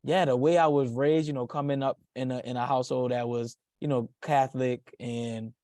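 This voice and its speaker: A man hosting a podcast who speaks in a reflective, thoughtful way, pausing often. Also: medium pitch, fairly even intonation, a little mellow, no room sound, studio quality. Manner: reflective, thoughtful, with frequent pauses and restarts. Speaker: podcast host. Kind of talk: conversational interview.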